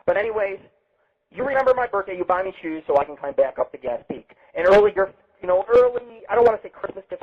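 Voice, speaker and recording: A brash, boastful man hosts a rambling live internet radio show, cursing freely as he goes. His voice sits a little high and comes through husky. The sound is thin and tinny, like it's passing over a phone line. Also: lively intonation, brisk. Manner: brash, boastful and heavily profane. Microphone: webcam setup.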